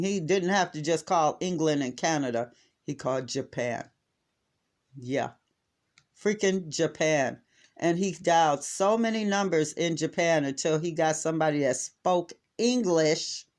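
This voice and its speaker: A middle-aged man with an American accent recounts a family mishap in a casual, exasperated way. He talks in a slightly high register and keeps slipping into little acted-out bits of dialogue. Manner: exasperated, animated retelling with acted-out quotes. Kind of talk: casual storytelling to camera.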